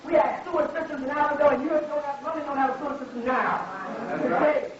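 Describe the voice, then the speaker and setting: A man's voice: very high-pitched, fairly even intonation, fast talker, crowd noise. A man giving an emphatic, mocking religious lecture to a live audience, firing off rhetorical questions. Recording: very echoey, distant, lo-fi hall recording.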